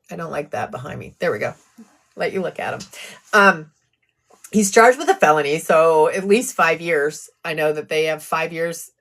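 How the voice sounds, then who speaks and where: A woman's voice: on the low side, a bit bright. A woman hosting a live true crime stream, chatting casually about a court case and answering viewer comments with sarcastic asides.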